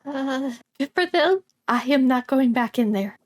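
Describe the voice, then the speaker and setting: A woman with a high voice, playing at a tabletop game. She talks casually and in an easygoing way. She plays her character as jumpy and wary. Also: animated, a little slow.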